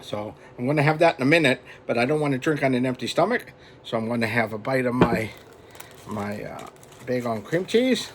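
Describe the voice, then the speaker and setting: A man's voice: medium pitch, expressive, brisk, slight background noise. A man talking casually at home for his vlog, rambling and chatty and chuckling often as he goes. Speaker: vlogger.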